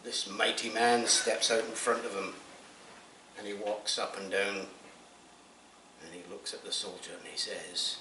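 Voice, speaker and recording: A man telling a long joke at a party in an animated storytelling manner, recorded from a distance in a roomy space with faint noise behind him. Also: on the low side, a little slow, long pauses.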